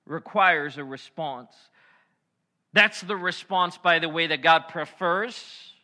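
A man preaching a sermon as a pastor, animated and acting out biblical figures, swinging from hushed to loud. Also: fairly high pitch, slow pace.

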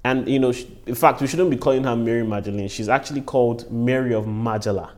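A man's voice: mid-range voice, quick pace, darkish tone. Earnest man teaching the Bible. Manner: earnest, repeats key phrases for emphasis; exclamations of praise between points. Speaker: preacher and podcast host.

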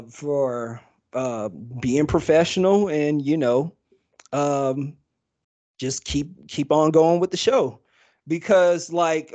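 A man co-hosting a podcast, talking casually and rambling with many fillers and restarts. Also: fairly high pitch. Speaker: podcast co-host. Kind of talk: casual chat.

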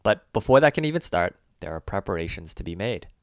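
A man co-hosting a language lesson, carefully walking through example phrases and slowing down on the key words. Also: sits low, sing-song, no room sound, clean studio sound. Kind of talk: scripted explanatory lesson.

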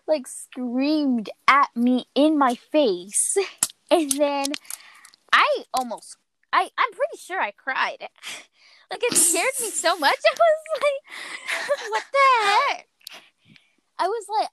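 A young woman hosts a podcast with a high voice, telling a story in casual conversation and acting out what people said with animated flair. The audio is poor, with no room sound.

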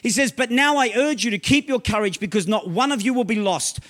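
A male pastor preaching a sermon, often checking in with "right?" and reading scripture slowly, with loud emphatic outbursts. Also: very high-pitched. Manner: bursts into loud shouts.

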